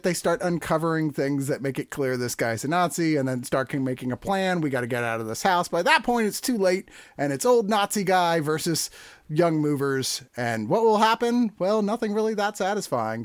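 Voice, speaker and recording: Casting: male film-review host, lively rambling delivery, slightly higher voice, dry close sound. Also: moderate pace, no echo. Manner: animated, rambling, swears freely. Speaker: podcast host. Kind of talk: casual movie review chat.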